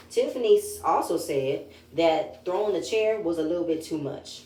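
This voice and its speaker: A woman with a lowish voice runs through a reality TV episode in a casual, opinionated way. She retells the scenes in her own words. The room around her is echoey, with a faint noise underneath. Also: expressive, normal speed, darkish tone. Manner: chatty, opinionated retelling with quoted lines. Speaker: reality TV recap vlogger.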